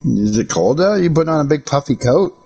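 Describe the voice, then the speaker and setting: American guy streaming, slightly raspy voice, loose and profane, riffing with chat. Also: fairly high pitch, animated, brisk, mellow, dull audio. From United States. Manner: profane joking banter with chat. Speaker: game streamer. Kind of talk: casual livestream chat.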